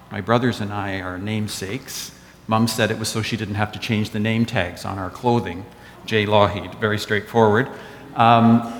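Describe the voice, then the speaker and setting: A man's voice: mid-range voice, slight background noise. Guy preaching a sermon, wry storyteller, long church echo. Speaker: pastor. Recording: echoey church hall.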